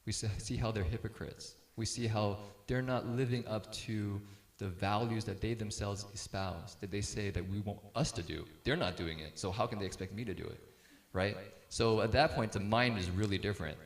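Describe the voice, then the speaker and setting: A man's voice: fairly low pitch, moderate pace, hardly any pauses, reverberant. A middle-aged man speaking casually to a group about parenting, telling stories and laughing easily as he acts out quotes.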